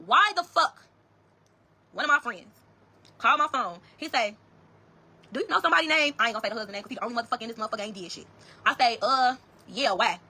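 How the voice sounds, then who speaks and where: A woman with a high, bright voice races through a story. Her delivery is emphatic and full of swearing, and she keeps turning to her listeners to address them directly. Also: very fast, pauses often. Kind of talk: casual storytelling to viewers.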